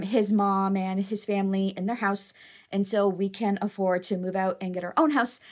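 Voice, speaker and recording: Chatty young woman vlogging. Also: mid-range voice. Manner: chatty, excitable, rambling retelling. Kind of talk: casual personal storytelling to camera.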